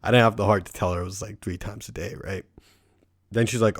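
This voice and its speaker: A young man hosts his podcast alone in a low, deep-set voice, recorded close and dry with no room sound. He rambles loosely, swears constantly and fills his talk with "like" and "right?". He often laughs at his own stories. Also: steady tone, fairly quick, husky, no echo. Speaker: podcast host. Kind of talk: casual solo podcast monologue.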